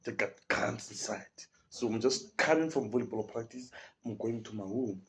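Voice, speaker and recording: A man's voice: mid-range voice, moderate pace. A young man with a South African accent, telling a story in a casual podcast chat, full of slang and acting out the people in it. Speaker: podcast guest.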